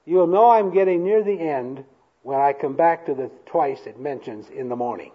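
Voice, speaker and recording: A man preaching a sermon to a congregation, slow and emphatic, having them repeat lines after him. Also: a little high, slightly rough, narrow, tinny audio. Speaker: pastor. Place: church hall before a congregation.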